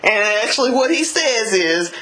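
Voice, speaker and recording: Co-host: lively up-and-down delivery, bright sharp tone, quick to laugh and chime in. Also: mid-range voice, low-quality recording. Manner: laughs often, reacts and adds details. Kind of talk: casual chat.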